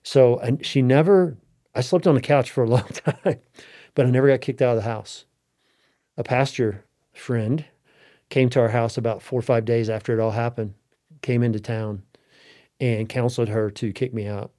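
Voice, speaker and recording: A man's voice: mid-range voice, steady tone, moderate pace, mellow. A middle-aged man telling a personal story as an interview guest, earnest and heartfelt, often restarting his sentences.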